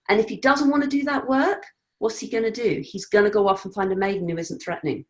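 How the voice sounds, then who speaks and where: A woman speaking as an interview guest, earnest and reflective, at times animated and laughing. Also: medium pitch, fast talker. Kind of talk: conversational interview.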